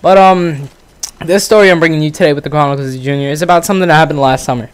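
Talking very fast in a fairly high voice, this Bronx-born young man hosts a vlog channel and tells a casual, rambling, profane story. Fillers and restarts crowd his speech, and there's a little hiss or hum on the recording.

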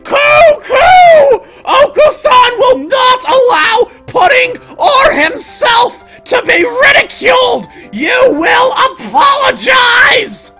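A man voicing an unhinged bird who speaks of himself by name, shrieking slow and furious declarations. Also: very high-pitched, big pitch swings, pushed and bright, raised voice, faint music behind, pitched above the performer's own voice, full character voice. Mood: outraged.

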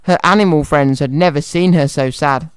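A man's voice: on the high side, normal speed, clear, resonant tone, no room sound. A man presenting a children's radio show and reading a story aloud in a cheerful, friendly way, in a studio. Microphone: studio microphone.

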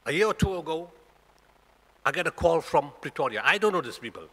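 A man's voice: fairly high pitch, animated, a little fast, sharp tone. A man in his sixties from South Africa with a South African accent, giving a Friday talk at a mosque and pressing the congregation with rhetorical questions. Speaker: guest speaker at a mosque. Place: mosque prayer hall. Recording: echoey hall reverb.

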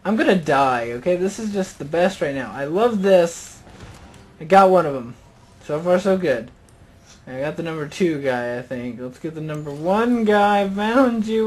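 High-voiced sarcastic gaming commentator man. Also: expressive, normal speed. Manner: sarcastic, rambling, peppered with "you know". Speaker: gaming channel host. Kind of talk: let's play commentary.

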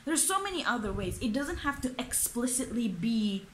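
A woman's voice: on the high side, big pitch swings, normal speed, slight background noise. Exasperated young woman ranting. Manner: exasperated, swearing, many fillers. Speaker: book reviewer. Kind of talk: ranting book review. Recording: echoey room.

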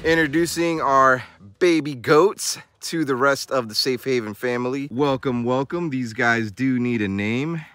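A man's voice: mid-range voice, unhurried, fairly bright tone, dry recording, faint music behind. A man hosting his vlog outdoors on a small farm, chatting casually to camera and cooing baby talk at the animals. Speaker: vlog host.

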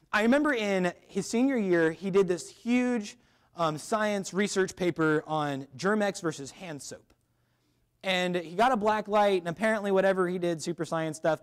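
A young man giving a chapel sermon at a school, telling a funny personal story before turning to a Bible passage. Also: sits high. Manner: lively, joking storyteller. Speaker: chapel speaker.

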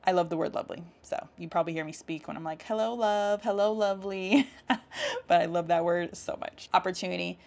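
Lower-voiced woman sharing affirmations. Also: little pitch movement, fast talker, gravelly, few pauses. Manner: warm encouraging, laughs often, speaks affirmations aloud. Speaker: self-help vlogger. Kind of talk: casual affirmation talk.

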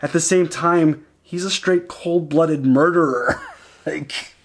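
A man co-hosting a casual reaction show, talking excitedly and acting out lines as he retells scenes. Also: fairly high pitch. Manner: excited, quotes characters in quick retellings.

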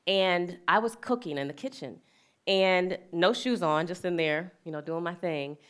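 Earnest low-voiced middle-aged woman. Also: normal speed, a bit bright. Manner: earnest, plain-spoken, laughs easily. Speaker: wellness and equity speaker. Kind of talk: reflective talk with a personal story.

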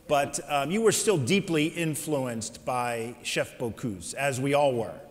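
A man's voice: medium pitch, animated, a little slow. Filler-heavy male panel moderator. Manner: introduces guests with many fillers. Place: large auditorium. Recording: long hall reverb.

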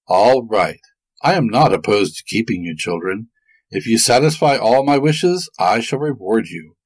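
A man's voice: lowish voice, animated, normal speed, no echo. A man voicing a greedy, menacing old witch who threatens to eat children, in a storybook reading. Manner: threatening, gloating.

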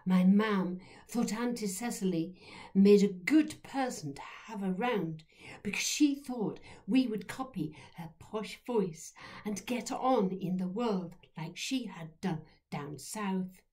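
A woman reading her own countryside memoir aloud in a gentle storytelling manner. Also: medium pitch. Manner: gentle, slow, lively storytelling. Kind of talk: storytelling narration.

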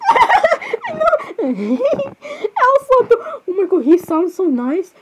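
Giggly woman reacting in playful role-play chat; high, bouncy voice, apologetic and excitable. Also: a little hiss or hum, poor audio.

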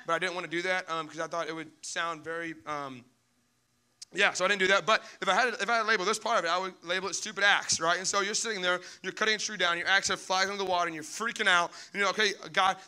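With a clean tone, a young man preaching as pastor spins animated stories. He gives the people in them squeaky, panicked voices.

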